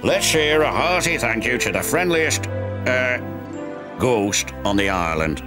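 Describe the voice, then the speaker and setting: A man's voice: mid-range voice, sing-song, a little slow. A man voicing a jovial male railway boss in a storybook reading, hearty and announcing. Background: music.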